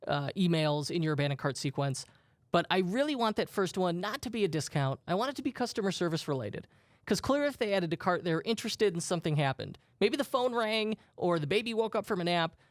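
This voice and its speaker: A man's voice: sits high, no room sound. Chatty jokey podcast guy, dry sound. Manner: self-deprecating, jokey storyteller. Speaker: podcast co-host. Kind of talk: casual podcast chat.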